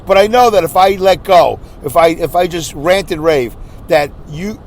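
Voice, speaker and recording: A man hosting a podcast, rambling through a casual, animated monologue and slipping into quick impressions. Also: a little high, slight background noise. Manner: animated, rambling storyteller who slips into impressions. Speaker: podcast host.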